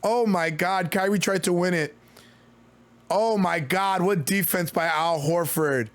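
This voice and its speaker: A man streaming excited play-by-play commentary on a basketball game, loud exclamations and rapid calls, with a voice going hoarse. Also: sits high, no room sound. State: losing his voice.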